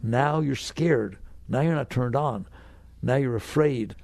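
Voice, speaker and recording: A man's voice: medium pitch, normal speed, vocal fry, darkish tone, no room sound. A man teaching on spirituality in a casual, earnest way, repeating phrases to press his point and acting out anxious inner voices. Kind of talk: conversational spiritual talk.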